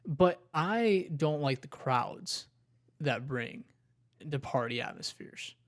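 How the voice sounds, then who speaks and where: Young male co-host, slightly high voice, curious and probing. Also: animated, slow pace. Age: young adult. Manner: probing, asks follow-up questions. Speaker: podcast co-host. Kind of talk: casual chat.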